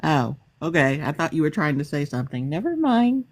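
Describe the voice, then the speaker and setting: A woman's voice: sits low, steady tone, fairly quick. A woman chatting on a video call, laughing and complaining bluntly with some swearing. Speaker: group chat participant. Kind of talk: casual profane chat on a video call.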